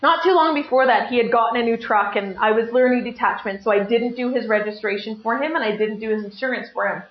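A middle-aged woman giving a personal testimony at a recovery meeting, telling her story with lively self-mockery and acting out what people said. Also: a little high, fast talker. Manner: lively, self-mocking storytelling with acted-out quotes. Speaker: speaker sharing at a recovery meeting. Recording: echoey room, dull lo-fi sound.

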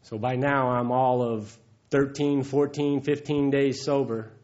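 A man's voice: medium pitch, steady tone, measured pace, darkish tone. Guy sharing his story at a meeting, laughs a lot, heartfelt, kinda muffled sound. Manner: folksy, chuckling, heartfelt. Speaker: recovery meeting speaker. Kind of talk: personal testimony talk. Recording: dull lo-fi recording.

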